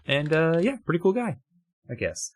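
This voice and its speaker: A man's voice: on the high side, sing-song, normal speed. A young man co-hosting a podcast, riffing in casual comedic chat, rambling and profane. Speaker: podcast co-host.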